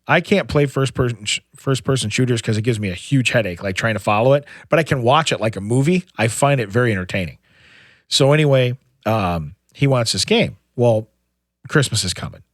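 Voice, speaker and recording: A man's voice: medium pitch, animated, brisk, no room sound, clean studio sound. A middle-aged man co-hosting a podcast, telling a long family story in casual chat with many restarts and "you know"s. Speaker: podcast co-host.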